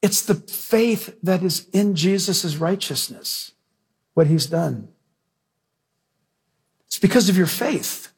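A man's voice: sits high, expressive, takes it slowly, gravelly, long pauses, slightly rough. A man preaching a sermon emphatically, often asking the congregation questions.

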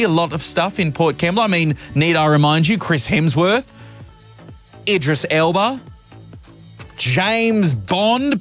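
A man's voice: a little high, a bit bright. A male radio host chatting playfully to drive-time listeners. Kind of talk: casual radio chat.

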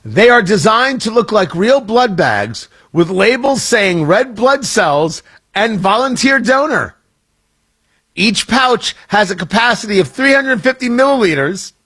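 Male radio host, higher voice, lively swings, playful riffing. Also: breathy edge. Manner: joking, animated, self-interrupting. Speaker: radio talk show host. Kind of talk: casual radio chat.

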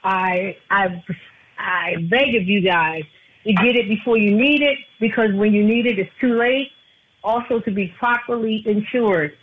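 A woman, an insurance agent calling in as a guest, speaking earnestly and repeating herself. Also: medium pitch. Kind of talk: casual radio talk. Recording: tinny phone line.

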